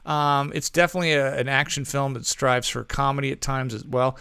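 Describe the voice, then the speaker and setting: Chatty man reviewing films, smooth dry voice. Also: medium pitch, level tone, brisk, sharp tone, dry recording. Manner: rambling, self-correcting, with frequent ums and asides. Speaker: podcast co-host reviewing movies. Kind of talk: casual movie review chat.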